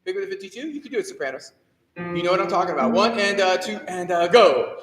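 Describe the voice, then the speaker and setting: A man directing a choir rehearsal, giving brisk instructions, counting the singers in and singing syllables to demonstrate. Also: high voice, expressive, over loud music. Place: rehearsal hall. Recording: roomy hall with long reverb, from far off.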